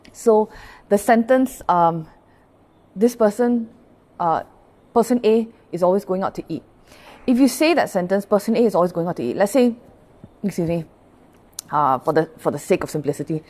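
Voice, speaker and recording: A woman pastor gives a livestreamed Buddhist dharma talk in a mid-range, slightly mellow voice. She explains patiently, often checks in with listeners, and greets live viewers by name between points.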